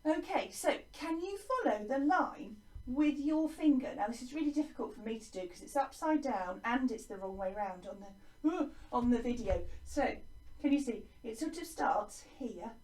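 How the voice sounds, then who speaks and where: A woman's voice: fairly high pitch, expressive, normal speed, a little mellow, roomy sound, recorded from a distance. A woman with an English accent teaching young children in an online lesson, in a sing-song, encouraging way that is exaggerated for small children. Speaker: primary school teacher.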